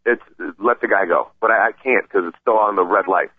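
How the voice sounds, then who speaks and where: A man telling a story in a casual chat, excited and rambling, often stammering and restarting. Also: fairly low pitch, a little fast, husky, no room sound. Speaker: podcast regular telling a story. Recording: tinny phone-like sound.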